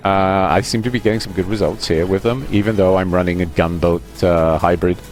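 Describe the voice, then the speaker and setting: Low-voiced man rambling over gameplay. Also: steady tone, a little fast, darkish tone, soft background music. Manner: chatty, explanatory, many fillers. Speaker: gaming YouTuber.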